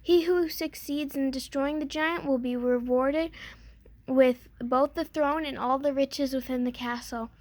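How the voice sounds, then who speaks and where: Storybook talking bird, all-knowing and chirpy, a woman putting it on, higher voice, dry close sound. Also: steady tone, a little slow, a little mellow, dry recording. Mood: mysterious.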